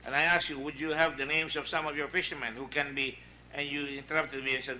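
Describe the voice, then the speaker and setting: A man's voice: fairly high pitch, little pitch movement, quick pace, bright, forceful tone, slight background noise, poor audio. A man with a Filipino accent chairing a senate hearing, questioning witnesses emphatically and wandering into asides. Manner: emphatic, digressive, reads out past exchanges.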